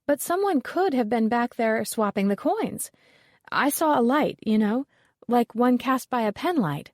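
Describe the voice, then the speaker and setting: A woman voicing an eager, excitable young woman reporter who speaks with a slightly smug enthusiasm. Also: mid-range voice, normal speed, no room sound, clean studio sound, close to an everyday voice. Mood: excited.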